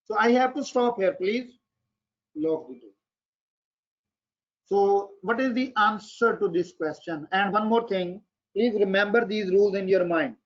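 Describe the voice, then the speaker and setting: High-voiced male teacher, lo-fi recording. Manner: explains slowly, repeating and acting out example sentences; drops in Arabic and Urdu words for his students. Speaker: English teacher. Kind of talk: classroom grammar lecture. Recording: dull lo-fi classroom recording.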